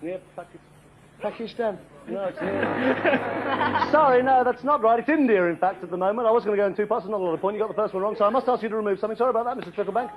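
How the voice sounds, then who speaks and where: A man's voice: high voice, fast, crowd noise, lightly acted. A man playing a flustered, apologetic game show host who keeps giggling in a comedy sketch. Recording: dull recording with loud studio audience and noise.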